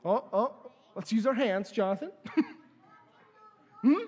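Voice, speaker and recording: A man preaching a sermon, lively and playful, bringing volunteers up to act out the story. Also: sits high, slow, pauses often, breathy edge. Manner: lively, playful, lets out small laughs. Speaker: pastor.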